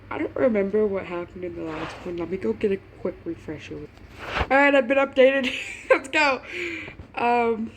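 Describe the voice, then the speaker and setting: Eine Frau liest zu Hause Fan-Fiction vor, plaudernd, stolpert über Wörter, mit leichtem Rauschen im Hintergrund. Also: female voice, medium pitch, measured pace, a little hiss or hum. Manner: chatty, laughing asides, stumbles over words. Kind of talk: casual reading aloud with asides.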